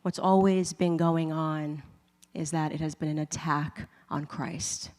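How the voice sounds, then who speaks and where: A woman's voice: deep voice, fairly even intonation, a little slow, darkish tone. Chatty woman telling a story in an echoing hall. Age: adult with a husband and kids. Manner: chatty, humorous, often laughing and acting out her own thoughts. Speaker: speaker giving a conversion testimony. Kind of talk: personal storytelling speech to a live audience. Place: large event hall. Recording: long hall reverb from a live event.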